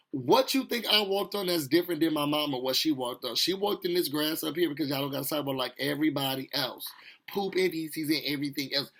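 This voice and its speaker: A man casually recapping a reality TV episode, animated and sassy, talking straight to his viewers. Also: fairly high pitch. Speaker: TV recap host.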